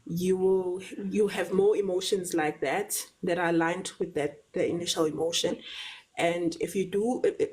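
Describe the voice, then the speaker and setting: A South African woman on a live talk show, explaining ideas in a measured way, often repeating words and checking in with "right?". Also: lowish voice, breathy edge, low-quality recording.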